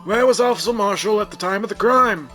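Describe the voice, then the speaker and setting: A man's voice: high-pitched, a little fast. A man voicing a stern elderly male judge who barks orders over game music. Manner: loud, gavel-banging commands.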